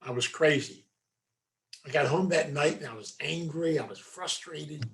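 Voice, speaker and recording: A man's voice: a little high, normal speed, vocal fry, a bit bright. A man, a meditation teacher, giving a folksy storytelling talk to a group, full of asides. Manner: folksy, conversational, many asides.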